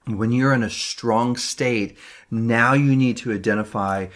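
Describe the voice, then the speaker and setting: A man's voice: mid-range voice, unhurried, a bit bright. A man coaching business owners in a motivational talk, earnest and repetitive, restarting his phrases often. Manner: earnest, repeats words, fillers.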